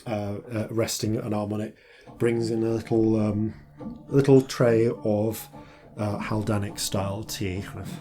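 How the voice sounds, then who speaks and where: A man serves as game master, describing a tabletop game in a hesitant way with many fillers and restarts. His voice is somewhat low, and soft music runs faintly in the background.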